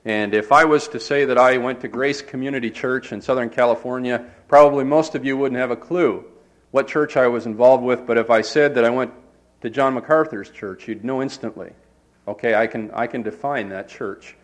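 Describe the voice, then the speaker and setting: A man's voice: mid-range voice, moderate pace. A man, a pastor giving a sermon in a church sanctuary, who talks in a loose, conversational way with many uh fillers and restarts.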